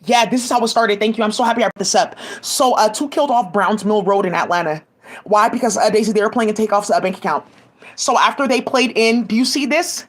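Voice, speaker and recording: A woman's voice: mid-range voice, fast talker. A woman giving rambling, profane commentary full of restarts, agitated asides and fillers, speaking into a home mic. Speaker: commentary vlogger.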